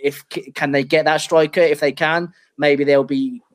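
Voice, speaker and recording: A man from England co-hosting a football podcast, chatting and speculating in a relaxed way with a few restarts. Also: fairly high pitch, normal speed. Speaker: podcast co-host. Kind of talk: casual football chat.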